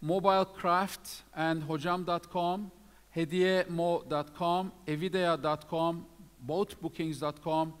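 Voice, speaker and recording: A man's voice: on the high side, little pitch movement, takes it slowly, smooth. A man presenting awards at a live event, reading out lists of names with many fillers. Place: event hall. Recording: long hall reverb.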